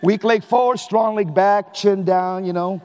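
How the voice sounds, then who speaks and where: Male lay preacher, high-pitched, emphatic and animated, recorded in a reverberant hall. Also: a little slow, clear, resonant tone. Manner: animated, emphatic, at times shouting. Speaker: Catholic lay speaker. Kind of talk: live preaching talk.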